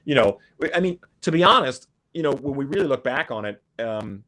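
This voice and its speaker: A man's voice: medium pitch, animated, fairly quick, sharp tone. A middle-aged man chatting casually as a podcast guest, rambling with restarts and asides. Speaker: guest musician.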